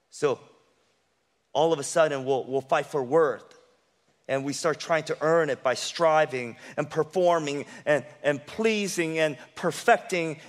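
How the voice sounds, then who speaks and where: A male pastor preaching a sermon with passion, swinging from loud emphasis to hushed intensity. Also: a little high, long reverb tail.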